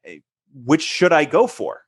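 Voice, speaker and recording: A man's voice: on the high side, wildly swooping pitch, a little slow, husky. A man co-hosting a casual chat, asking questions with a joking, playful manner.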